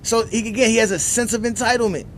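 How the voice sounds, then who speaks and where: High-voiced man ranting about sports. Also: steady tone, quick pace, a little hiss or hum. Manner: emphatic, repetitive, jumps from loud outbursts to muttering. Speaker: sports debate show host. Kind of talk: ranting commentary.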